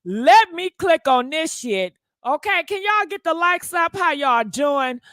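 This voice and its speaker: Sassy high-voiced woman gossip host. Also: big pitch swings, a little slow, a bit bright, no room sound, clean studio sound. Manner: sassy, talks straight to viewers, calls them honey. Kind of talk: casual livestream gossip chat.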